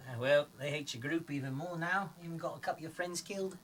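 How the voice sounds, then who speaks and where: A man's voice: fairly high pitch, fast talker, a bit bright, a little hiss or hum, close to an everyday voice. A man voicing a tall, gangly male adventurer with a Cockney accent in a tabletop game. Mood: wry. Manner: chummy, casual slang.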